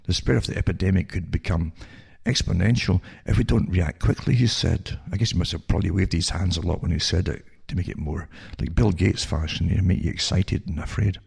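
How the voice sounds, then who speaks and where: A man's voice: brisk, hardly any pauses, a little mellow. An older man with a Scottish accent hosts a talk show, reading news items aloud and breaking off into sarcastic asides and rhetorical questions. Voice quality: very creaky, rough low voice. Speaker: radio talk show host.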